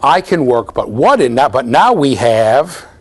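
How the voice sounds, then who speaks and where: Middle-aged male lecturer, lively sing-song delivery, playful, demonstrates with students in a big hall. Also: mid-range voice, a little slow, breathy edge. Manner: animated, playful, addresses students directly. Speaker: university lecturer. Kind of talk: classroom lecture with live demonstration.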